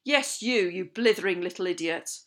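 A woman's voice: medium pitch, animated, normal speed, close to an everyday voice. A woman putting on a barking, bullying old schoolmaster. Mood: furious shouting. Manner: barking, shouting, contemptuous. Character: harsh, bullying older male schoolteacher, ex-army.

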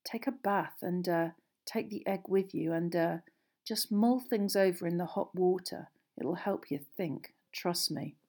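A woman voicing a friendly older teenage boy who speaks low and confidingly, with a few hesitations. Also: unhurried, darkish tone. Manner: lowered, confiding voice.

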